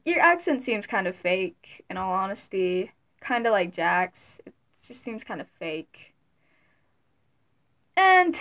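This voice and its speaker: Giggly young woman, slow and high. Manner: giggly, excitable, bursts of loud mock quotes. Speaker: vlogger. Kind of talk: casual fan commentary.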